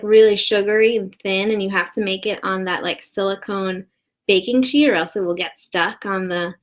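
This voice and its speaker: A woman rambling through an improvised comedy monologue at her desk. She is mock-earnest and builds into outrage. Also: medium pitch. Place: indoors at a desk.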